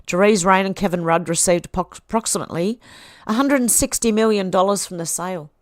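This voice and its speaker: This livestream host is a woman from Australia who reads posts out loud and chats about them. She speaks in a mid-range voice, a little fast, captured in studio quality without echo.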